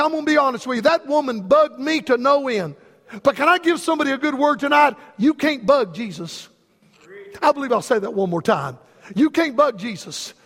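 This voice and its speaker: High-voiced preacher in a reverberant hall. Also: male voice, fairly bright tone. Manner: folksy storytelling preacher, calls out to the congregation. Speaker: pastor. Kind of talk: sermon.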